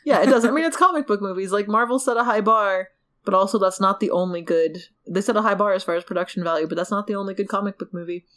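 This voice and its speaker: A woman's voice: mid-range voice, quick pace, a bit bright. A young woman rambling casually as a podcast co-host, laughing easily and swearing offhand. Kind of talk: casual chat.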